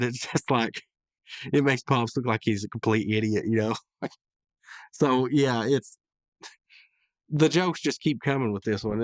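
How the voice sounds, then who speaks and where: A man's voice: medium pitch, no room sound, studio quality. A man hosting a casual podcast, rambling through a cartoon episode recap with frequent chuckles and fillers.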